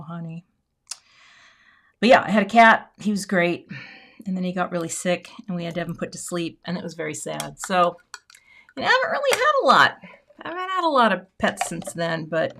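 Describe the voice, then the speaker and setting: A woman's voice: mid-range voice, fairly bright tone. This is a chatty American woman hosting a live crafting stream. She talks loosely as she works, greeting viewers by name and poking fun at herself. A faint hiss of noise sits under her voice. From United States. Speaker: card-making livestream host. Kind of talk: casual live crafting chat.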